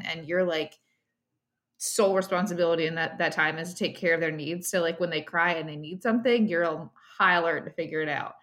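Chatty lower-voiced woman. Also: fairly bright tone. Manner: chatty, filler-heavy. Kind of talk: casual podcast chat.

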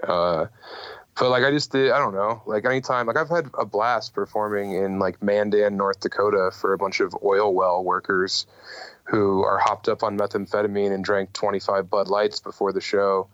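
A man's voice: lowish voice, fairly even intonation, normal speed, fairly bright tone, no room sound. A man who does stand-up comedy, talking candidly and rambling a little in a casual podcast chat, swearing freely. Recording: dull dry lo-fi audio.

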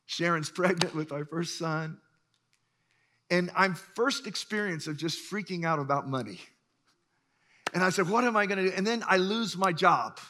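A pastor in his sixties preaching a sermon, emphatic and swinging between loud bursts and hushed lines. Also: high voice, moderate pace. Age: 60s.

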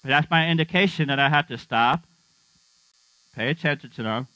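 Bright-voiced male pastor, joking sermon. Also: medium pitch, moderate pace, no room sound. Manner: humorous, conversational, asks the congregation questions. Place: church. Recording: dull, slightly lo-fi dry sound with mains hum.

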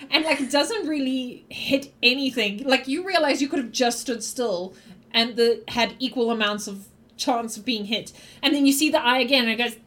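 A woman's voice: on the high side, normal speed, fairly bright tone. A woman narrating as game master in a tabletop game, loose and giggly, rambling through descriptions.

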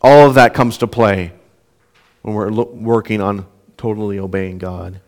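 A man's voice: on the low side, steady tone, normal speed. A young man preaching a sermon in an earnest way, often repeating words as he restarts a thought. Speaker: pastor.

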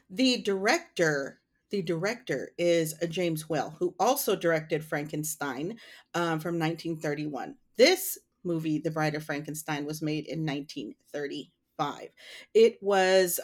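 A woman co-hosting a casual podcast chat, chatty and giggly, often trailing into fillers. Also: fairly low pitch. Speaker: podcast co-host.

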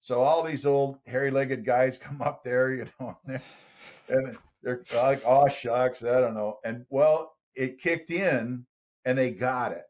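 A male podcast guest tells an animated story and slips into other people's voices along the way. His pitch is middling, and the recording sounds a little dull and lo-fi. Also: unhurried. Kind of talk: storytelling in an interview.

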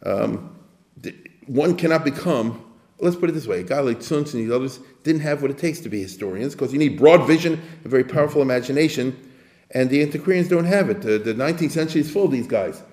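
A man lectures in a loose, conversational way, wandering off on tangents and checking that his listeners follow. His voice sits at an ordinary pitch, and the room around him gives it a noticeable echo. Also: animated, fast talker, darkish tone. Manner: conversational, digressive, asks the audience for assent. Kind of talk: informal lecture.

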